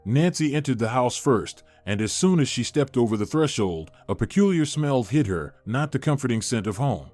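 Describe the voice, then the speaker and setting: A man narrating a family story in a steady storytelling manner. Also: medium pitch, normal speed, few pauses, no room sound, soft background music. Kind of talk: scripted narration.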